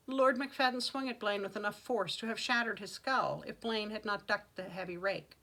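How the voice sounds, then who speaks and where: Bright, dramatic woman reading fantasy aloud. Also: mid-range voice, moderate pace, few pauses, rough recording. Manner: dramatic, expressive narration. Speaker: author reading her own novel. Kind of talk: audiobook-style fantasy reading.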